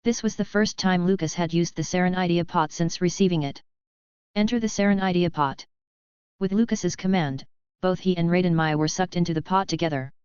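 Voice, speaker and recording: Smooth low-voiced woman narrating a story. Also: steady tone, brisk, a little mellow, no room sound, dull audio. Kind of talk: audiobook narration of a web novel.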